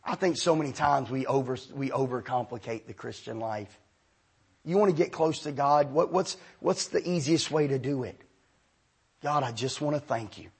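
A man preaching a sermon, telling a story and then leading the room in hushed prayer. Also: medium pitch, moderate pace, vocal fry, slightly rough.

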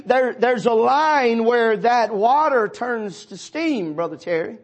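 A man pastor preaching a sermon, swelling loud and dropping low, calling on congregation members by name. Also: lively intonation, slow pace, muffled recording.

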